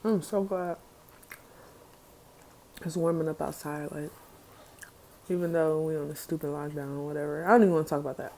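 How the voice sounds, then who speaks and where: A woman vlogger chatting casually in slang while eating on camera, with a relaxed, chatty manner. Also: low voice, fairly quick, long pauses, slight background noise. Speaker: mukbang vlogger. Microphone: mic clipped near her.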